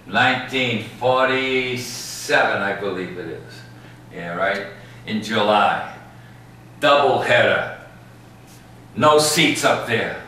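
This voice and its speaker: A man's voice: medium pitch, pushed and bright. A man guiding a ballpark tour, telling stories and tagging his lines with "all right?" and "okay?". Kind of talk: guided tour talk. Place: outdoors in a large ballpark. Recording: very echoey, distant mic, faint background noise.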